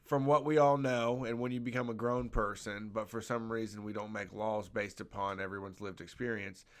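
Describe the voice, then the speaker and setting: A man's voice: fairly low pitch, steady tone, moderate pace, clear, resonant tone. A young man co-hosting a casual talk show, agreeable and rambling, laughing along and swearing now and then. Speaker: co-host. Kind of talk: casual chat.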